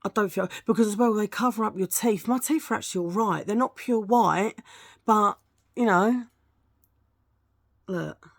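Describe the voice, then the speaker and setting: A middle-aged woman talks her way through a beauty product review in a loose, rambling vlog chat. She is frank and chatty and often wanders off her point. Her voice sits at an average pitch for a woman. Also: moderate pace, gravelly, pauses often. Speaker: beauty vlogger.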